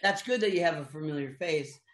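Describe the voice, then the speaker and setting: An older male voice actor appears as a guest, chuckling through rambling anecdotes in casual chat and restarting often. He speaks briskly in a fairly high, fairly bright voice, recorded in an echoey room.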